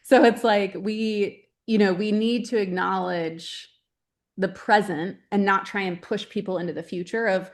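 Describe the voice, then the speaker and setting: A woman's voice: mid-range voice, fairly even intonation, normal speed, vocal fry. A woman with a mid-range voice talks in a casual interview as a grief specialist. Her delivery is earnest and chatty, and she keeps checking in with little tag questions. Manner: earnest, chatty, many "right?" tags.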